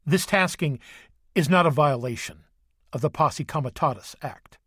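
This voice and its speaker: A man's voice: a little high, normal speed, fairly bright tone, breathy edge, no echo, clean studio sound. A man reading the lines of a stern, formal male Army sergeant major in an audiobook, firm and clipped.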